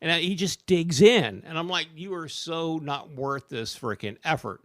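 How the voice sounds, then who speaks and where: A middle-aged man hosting a podcast, telling a long story in casual chat and swinging into loud, high quoted voices. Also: animated, moderate pace, no room sound, clean studio sound. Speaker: podcast host.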